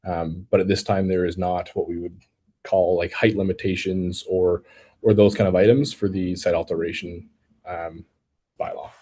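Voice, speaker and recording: A man with a low, mellow voice answers questions at an online public meeting. He speaks as city staff, careful and technical, and often stops to restart a sentence. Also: flat delivery, normal speed, slight background noise.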